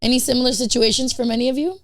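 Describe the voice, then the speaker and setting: A woman's voice: a little high, fairly even intonation, rapid-fire. A woman hosting a podcast, telling a story in a chatty way. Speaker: podcast host. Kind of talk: casual chat, reading a prepared story.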